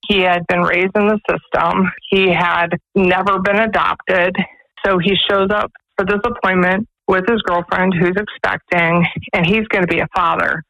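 A woman's voice: on the low side, creaky, a bit bright, dry recording, muffled recording. Woman guest on a radio talk show, telling stories all heartfelt, dry close mic. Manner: earnest storytelling, quoting others. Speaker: executive director of a pregnancy resource center.

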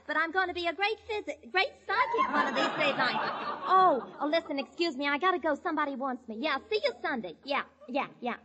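A woman's voice: high-pitched, sing-song, fairly quick, sharp tone, big-room sound. A woman comedienne doing a slangy, wisecracking phone monologue in a 1940s radio comedy. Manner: brassy, slangy, wisecracking one-sided phone chatter. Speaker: comedienne, guest.

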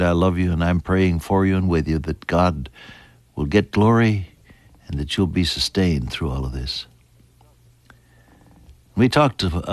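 An older man preaching a sermon, moving from hushed, near-whispered lines to lifted, emphatic ones. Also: lowish voice, no echo.

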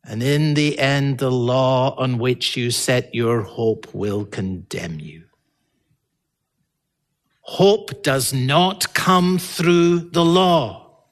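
A man delivers a sermon from the pulpit, his pitch sitting a little high. His voice rises to emphatic peaks and falls back low. He speaks slowly and earnestly. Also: a bit bright. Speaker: pastor.

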